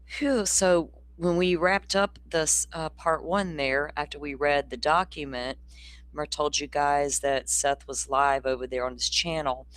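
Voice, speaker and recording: Here's a hiccuping true-crime livestream host whose mid-range, fairly bright voice barely moves in pitch and never hurries. They wander casually through viewer comments, relaxed and informal, tossing in a swear word.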